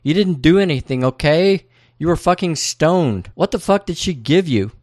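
A man's voice: on the high side, expressive, normal speed, darkish tone, dry recording, studio quality, voice pushed up, lightly acted. A man voicing a frantic young woman who pleads urgently. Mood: pleading.

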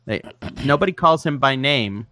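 A man co-hosts a podcast, thinking aloud about fan theories in relaxed chat. His voice is bright and edged. The sound is dry and close to the mic. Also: mid-range voice, moderate pace, no room sound. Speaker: podcast co-host.

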